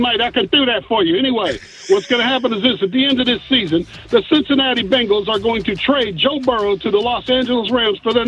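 A man from Western Pennsylvania calls in with a very high voice and a boastful, jokey swagger. The line sounds dull and muffled, like a phone call. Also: fairly bright tone. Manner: boastful, jokey trash talk. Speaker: caller.

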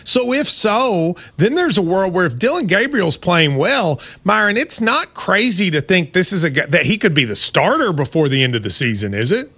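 A man hosting a sports talk show, his voice a touch high, bright and lively. He asks quick questions, teases his co-host and moves the talk along from game to game. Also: husky. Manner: teasing, quick questions, steers the segments.

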